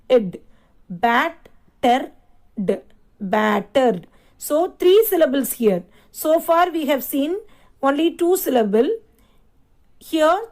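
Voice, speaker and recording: A woman's voice: high voice, a little mellow, poor audio. A woman teacher, giving a lesson and repeating and spelling words out aloud for children. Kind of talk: classroom lesson.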